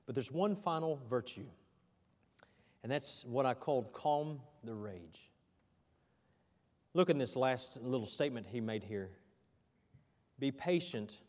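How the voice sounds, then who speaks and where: A pastor preaching a sermon, with an emphatic style that asks the congregation to respond. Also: male voice, medium pitch, a little mellow, in a large hall.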